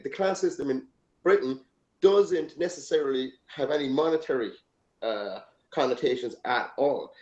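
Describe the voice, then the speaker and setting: A man's voice: a little high, a little mellow. Irish man, casual rambling chat, swears a lot, echoey room, slightly dull sound. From Ireland. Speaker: podcast host.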